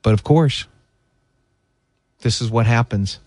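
A man's voice: mid-range voice, slow, darkish tone, dry recording. A man hosting political talk radio, delivering opinionated commentary in an indignant, emphatic way. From United States.

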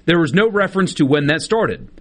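Lively, indignant radio co-host man. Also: a little high, fairly quick. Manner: indignant, emphatic ranting. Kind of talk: casual sports radio talk.

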